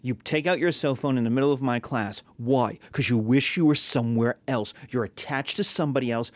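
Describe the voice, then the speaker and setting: A man's voice: mid-range voice, fairly quick, no echo. A man teaching a class, talking casually with rhetorical questions and acted-out quotes. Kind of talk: classroom lecture.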